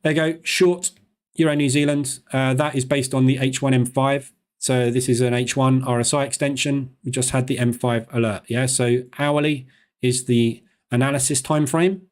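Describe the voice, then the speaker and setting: A man hosts a live stream, talking quickly and informally. His delivery is loose and chatty, full of fillers and quick asides. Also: medium pitch, fairly even intonation. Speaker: live-stream trading host.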